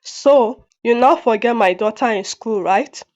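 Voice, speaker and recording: A woman's voice: on the high side, unhurried, a little mellow, highs cut off, lightly acted. A woman voicing an angry ex-husband, curt and sarcastic. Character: angry ex-husband threatening custody.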